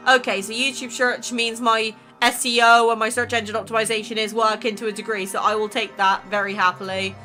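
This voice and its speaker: Female vlogger, bright and sharp tone, gushing and exclamatory, faint music underneath. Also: on the high side, fairly quick, few pauses. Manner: excitable, exclaiming, laughs between remarks. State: emotional, near tears. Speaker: YouTube creator. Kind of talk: casual vlog chat reviewing channel stats.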